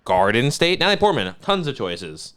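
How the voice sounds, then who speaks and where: A man's voice: medium pitch, big pitch swings, moderate pace, a bit bright. A man co-hosting a podcast, bantering casually, teasing and arguing, swearing freely. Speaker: podcast co-host.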